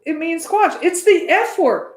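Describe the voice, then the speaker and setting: A woman's voice: very high voice, lively intonation, measured pace, reverberant. A woman from the United States teaching meditation in a casual, chatty way, often checking in with "right?".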